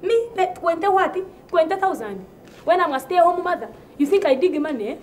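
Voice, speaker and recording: A woman's voice: very high-pitched, expressive, a little fast, darkish tone, a little hiss or hum. A woman from Uganda with a Ugandan English accent, performing a comedy sketch with an indignant, ranting delivery that repeats itself for effect.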